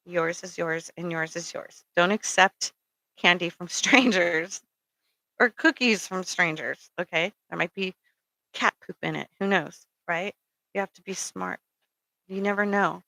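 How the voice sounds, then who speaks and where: A woman's voice: on the low side, gravelly, sharp tone, dry recording, low-quality recording. A middle-aged woman giving rambling, casual spiritual advice, full of ums and checking in with "okay?". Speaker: spiritual speaker.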